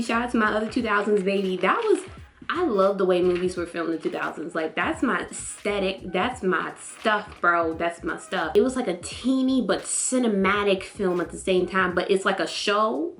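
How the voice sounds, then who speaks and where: A young woman vlogging a casual show review, slangy and animated, acting out lines with sudden high jumps in her voice. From North Carolina, US. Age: young adult. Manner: animated, slangy, acts out quotes with big pitch jumps.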